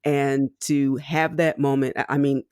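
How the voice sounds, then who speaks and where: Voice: medium pitch, little pitch movement, measured pace, a little mellow, smooth, no echo, clean studio sound. A podcast host in a casual interview, responding to the guest with enthusiasm and encouragement.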